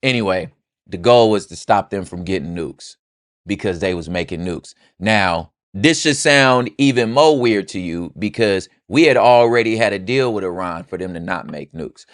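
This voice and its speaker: A man's voice: low voice, moderate pace, no room sound, clean studio sound. A young man hosting a podcast, giving loose, slangy, joking political commentary. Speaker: podcast host.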